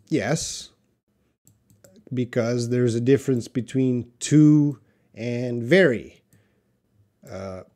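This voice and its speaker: A man teaching English in a live-stream Q&A, slowly and patiently answering viewer questions with example sentences. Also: medium pitch, a little mellow.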